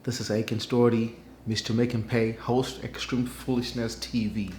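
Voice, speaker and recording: A man's voice: medium pitch, little pitch movement, moderate pace, darkish tone, a little hiss or hum. A man hosting his own channel, giving wry, skeptical commentary in a conversational way. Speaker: channel host. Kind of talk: news commentary vlog. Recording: roomy, echoey room.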